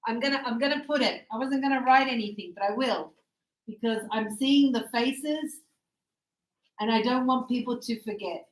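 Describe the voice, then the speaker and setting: Chatty woman teaching English, high pitch, roomy echo. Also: moderate pace. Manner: lively, chatty, acts out everyday dialogues. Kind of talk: classroom English lesson. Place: classroom.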